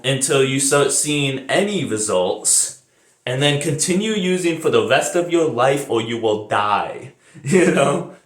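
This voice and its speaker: A man's voice: medium pitch, reverberant. A young American man rambling casually in a vlog, swearing freely and laughing at his own jokes. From United States. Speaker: vlogger. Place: bathroom shower, then indoors.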